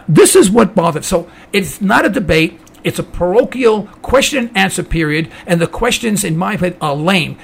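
Male American talk-radio host, opinionated monologue, high raspy gravelly voice. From United States. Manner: indignant, ranting, mocking quoted voices.

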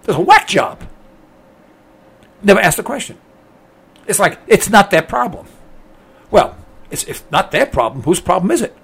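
A man's voice: high-pitched, very animated, moderate pace, vocal fry, long pauses, fairly bright tone, slightly rough. A man hosting a talk show, delivering an indignant, opinionated monologue with lots of repetition and rhetorical questions. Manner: indignant, ranting, repeats himself. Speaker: radio talk host.

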